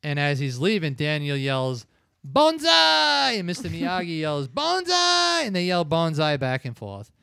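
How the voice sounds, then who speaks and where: A man's voice: a little high, normal speed, few pauses, clean tone, no room sound, studio quality. A man casually recapping a film plot in a long, rambling retelling full of filler words. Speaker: film review podcast host.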